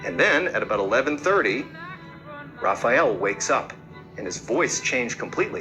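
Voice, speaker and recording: A man's voice: mid-range voice, very animated, moderate pace, bright, forceful tone, soft background music, poor audio. A man hosting a podcast, telling a story casually and conversationally, with fillers and repeated words. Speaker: podcast host.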